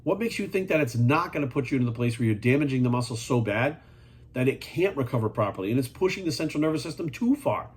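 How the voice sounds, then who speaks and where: A man with a husky, mid-pitched voice talks straight to the camera as a fitness coach. He is blunt, swears freely and hammers his points home with rhetorical questions. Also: expressive, quick pace. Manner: blunt, profane and emphatic. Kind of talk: casual monologue.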